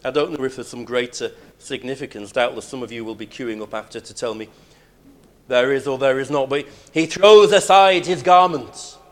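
A man preaching a sermon, emphatic, moving between loud declarations and hushed lines. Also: medium pitch, steady tone, a little fast.

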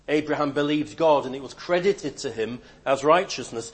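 A man preaching a sermon, swinging between loud emphatic declarations and quiet, hushed asides. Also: mid-range voice, moderate pace, hardly any pauses, husky.

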